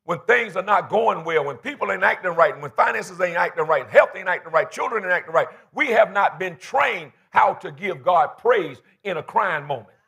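A man's voice: high voice, animated, normal speed, gravelly, few pauses, bright, forceful tone, slightly rough. A man in his fifties preaching a fervent, folksy sermon in church, calling for responses from the congregation. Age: 50s. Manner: colloquial, folksy phrasing. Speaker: pastor.

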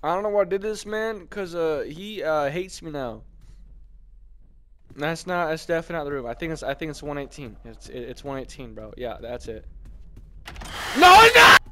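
A man hosting a horror game let's-play, commentating as he goes, yelping and shouting at scares and muttering to himself in between. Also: on the high side, a little fast. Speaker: gaming channel host.

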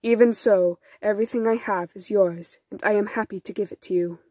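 An earnest, worried village cobbler pleading for help for his sick son, as a woman reads him aloud. The voice sits fairly high and sounds close and dry. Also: steady tone, a little fast, darkish tone, breathy edge, no room sound. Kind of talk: storybook reading.

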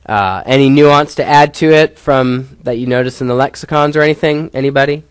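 A man's voice: medium pitch, fairly quick, clean tone, dry recording. A male professor giving a classroom lecture, explaining step by step and putting questions to his students.

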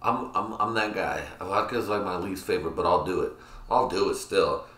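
Swearing podcast host in an echoey room. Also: male voice, low-pitched, brisk, a bit bright. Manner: rambling, swears a lot, laughs at his own jokes. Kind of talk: casual profane chat. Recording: roomy echo.

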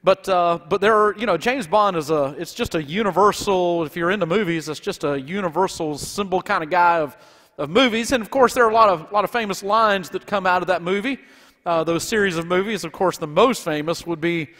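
A man's voice: high voice, brisk, fairly bright tone, big-room sound. A man with a Southern accent preaching a folksy, conversational sermon as pastor in a church. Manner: folksy and conversational, with many restarts. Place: church sanctuary.

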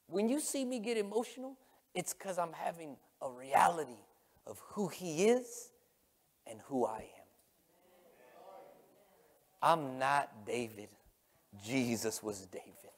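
A man preaching as pastor, impassioned and emotional, with a Texan accent, his voice dropping to a hush and then rising. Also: on the high side, sing-song, measured pace, long pauses. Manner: impassioned, swinging from hushed to loud. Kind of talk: emotional sermon. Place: large church sanctuary. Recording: long hall reverb.

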